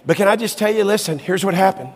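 High-voiced man preaching in a reverberant hall. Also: fast. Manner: emotional, swings from soft low asides to high excited exclamations. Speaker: pastor. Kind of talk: sermon storytelling.

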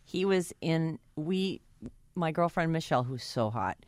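A woman chatting as a podcast co-host, her voice swinging widely in pitch as she tells a story. She sounds animated and laughs often. The sound is dry and close. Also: a little slow, no echo. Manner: animated, laughing anecdote-teller. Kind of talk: casual chat, storytelling.

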